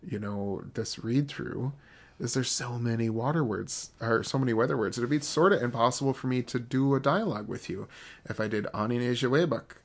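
A man's voice: mid-range voice, a little fast. A man giving a language lesson, explaining phrases casually with worked examples. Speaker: language teacher.

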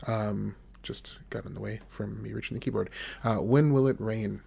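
A man with a gravelly, creaky voice gives a recorded language lesson. He repeats each phrase slowly and patiently for his learners. He speaks close to a desk microphone. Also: lowish voice, steady tone, mellow. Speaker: language teacher.

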